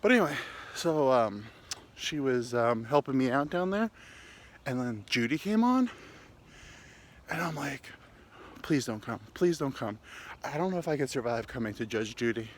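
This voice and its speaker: A man's voice: medium pitch, big pitch swings, moderate pace, pauses often, slight background noise. Rambling crude man walking outdoors. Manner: candid, crude, meandering. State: slightly winded, walking uphill. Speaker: podcast host. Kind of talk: rambling comic monologue.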